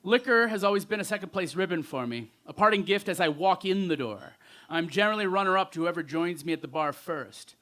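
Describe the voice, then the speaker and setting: A man performing spoken word poetry live on a festival stage, with rhythmic delivery and pointed pauses, into a stage microphone. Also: high-pitched, animated, sharp tone.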